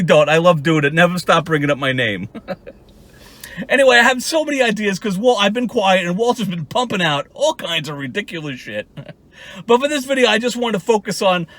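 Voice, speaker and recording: Bright, high-voiced mocking male ranter. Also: no room sound. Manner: profane, mocking, frequent laughs and restarts. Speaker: YouTube commentator. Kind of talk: ranting commentary.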